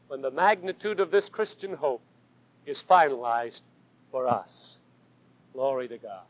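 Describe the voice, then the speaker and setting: Man, pastor, sermon, very high voice, lively swooping pitch, slow deliberate delivery. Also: dry recording. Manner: fervent preaching with emphatic swells and hushed drops. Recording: dull lo-fi sermon recording.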